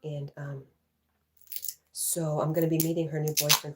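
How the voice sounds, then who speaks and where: A middle-aged woman hosting a livestream from home on a laptop mic. She chats casually, reads viewer comments aloud and laughs often, clearly amused by herself. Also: low-pitched, fairly even intonation, normal speed, very noisy. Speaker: livestream host.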